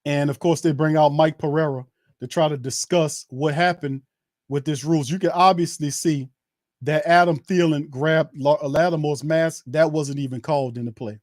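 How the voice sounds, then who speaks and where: A man's voice: on the high side, steady tone, normal speed, no echo, studio quality. A man hosting a fan watch party, giving heated, indignant live play-by-play and ranting at the referees, often repeating himself.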